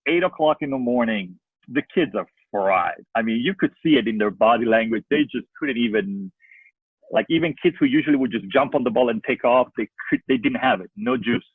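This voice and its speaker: A man who coaches youth soccer and makes films, telling rambling, animated stories with lots of fillers over a video call. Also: medium pitch, slightly rough, no echo. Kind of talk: casual storytelling in a video-call interview. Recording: tinny phone-like line, dry.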